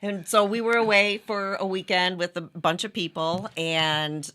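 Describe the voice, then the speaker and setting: A woman's voice: on the low side, measured pace. A middle-aged woman, a band member's mother, telling stories in a casual interview and acting out what people said. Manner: animated, acts out quoted dialogue. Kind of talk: casual storytelling.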